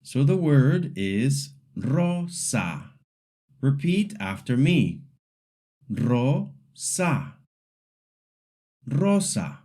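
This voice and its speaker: A man teaching pronunciation in a scripted lesson, saying model words slowly and deliberately so learners can repeat them. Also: mid-range voice, very animated, dark tone.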